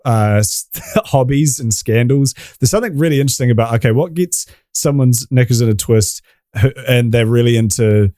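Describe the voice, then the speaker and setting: Sweary New Zealand man, mellow voice. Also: mid-range voice, normal speed, no echo, clean studio sound. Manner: sweary, rambling, laughs often. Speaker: podcast guest. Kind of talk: casual chat.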